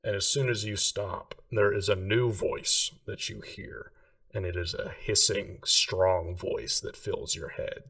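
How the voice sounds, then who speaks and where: A low-voiced man narrates as game master of a tabletop game. His delivery is loose and casual, full of fillers, and his voice sounds set back from the mic. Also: fairly even intonation, a little slow, fairly bright tone, far from the mic.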